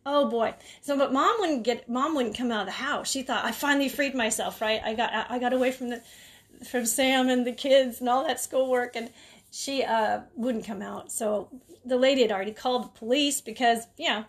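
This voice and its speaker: Casting note: a chatty woman caregiver with a fairly high voice, telling stories casually. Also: normal speed. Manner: chatty, frequent fillers and asides. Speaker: caregiver sharing advice. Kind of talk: casual storytelling talk.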